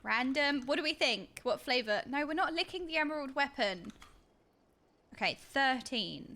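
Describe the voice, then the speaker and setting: A woman's voice: sits high, animated, unhurried, pushed and bright. A young woman streaming a game, chatting playfully and chanting silly words in a sing-song way. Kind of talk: casual live-stream chatter.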